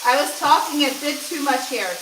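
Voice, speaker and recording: A woman's voice: high-pitched, a little fast, echoey room, noisy background. A woman in her forties, a nutritionist and weight loss coach, chatting casually and encouragingly on a cooking livestream with many restarts. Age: 40s.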